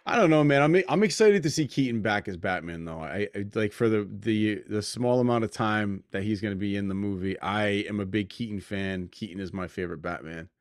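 A man's voice: on the low side, a little fast, few pauses, no room sound, studio quality. A man hosting a podcast, chatting casually, rambling through stories and laughing often. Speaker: podcast host. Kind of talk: casual chat.

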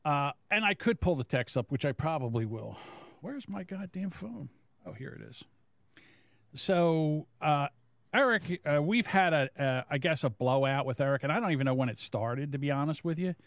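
Man, podcast co-host, rambling and profane, fairly high voice, animated, dry close mic. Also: normal speed, no echo. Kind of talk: casual chat.

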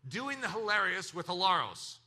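A man delivers a sermon in a high, very bright voice that leaps up and down in pitch. He swings between loud exclamations and near-whispered lines. He slips into quoted voices and mock laughter as he preaches. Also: big pitch swings, normal speed. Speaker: pastor.

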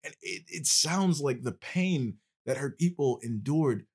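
Husky male podcast host. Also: a little high, animated, unhurried, a little mellow. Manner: passionate, explains at length. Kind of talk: casual conversation.

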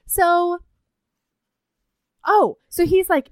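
Woman host, lively playful storyteller, high voice, dry close sound. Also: normal speed, no echo. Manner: animated, laughing, acting out characters in quotes. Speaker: podcast co-host. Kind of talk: casual comedic book recap.

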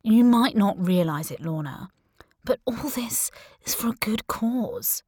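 A woman's voice: medium pitch, lively intonation, measured pace, darkish tone, slightly rough, no echo, clean studio sound. A woman voicing a smug male killer. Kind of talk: audiobook character voice.

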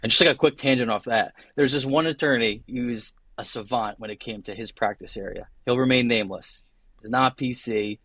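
A man's voice: mid-range voice, fairly quick, fairly bright tone, dry recording. A young adult man, a guest attorney, talking casually on a podcast, chatty and full of tangents and acted-out quotes.

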